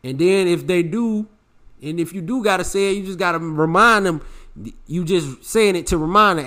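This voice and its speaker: A young man delivers a self-help podcast monologue. His voice sits somewhat high for a man. He talks with brash, preachy swagger and heavy slang. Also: fairly quick, bright, forceful tone. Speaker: podcast host.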